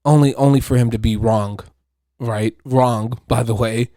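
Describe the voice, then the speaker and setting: A man's voice: medium pitch, steady tone, a little slow, dark tone, no room sound, clean studio sound. A man hosting a podcast, telling stories in a casual, profane, rambling monologue with frequent laughter. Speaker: podcast host.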